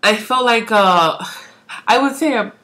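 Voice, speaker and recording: Young woman vlogging, rambly and chatty, says like constantly, kind of bright tone. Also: fairly high pitch, measured pace. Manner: acts out quoted voices, laughs often. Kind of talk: casual pregnancy vlog.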